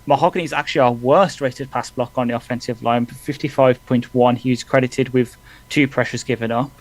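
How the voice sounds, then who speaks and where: A man's voice: mid-range voice, steady tone, rough recording. Man rattling off football stats. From England. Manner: quick, reads stats off in bursts. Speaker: podcast co-host. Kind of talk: casual live sports chat.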